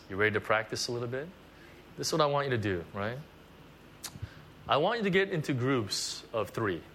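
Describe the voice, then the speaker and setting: A man preaching a conversational sermon at a church service, animated and full of asides. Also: medium pitch, slight background noise. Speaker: pastor.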